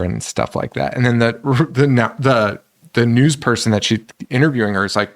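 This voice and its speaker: A man co-hosting a casual horror movie podcast, animated, laughing often and swearing freely. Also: medium pitch, moderate pace, creaky, few pauses. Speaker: podcast co-host.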